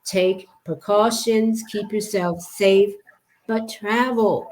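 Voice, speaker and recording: A woman's voice: mid-range voice, fairly even intonation, takes it slowly, a little mellow, rough recording. A woman from the United States talking on a podcast in an emphatic, insistent way. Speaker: podcast speaker. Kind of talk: conversational podcast talk.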